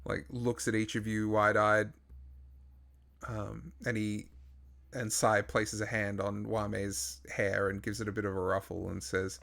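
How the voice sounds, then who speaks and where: A man runs a tabletop role-playing game and narrates the scene. His voice is low and gravelly. He speaks slowly, in halting phrases full of fillers. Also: little pitch movement, fairly bright tone. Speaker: game master.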